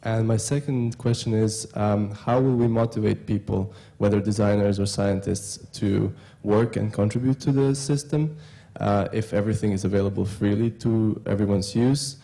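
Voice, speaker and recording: A man in the audience puts a careful two-part question, pausing between parts. His voice is low and gravelly, with a dark, mellow tone. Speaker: audience member asking a question. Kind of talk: question from the floor.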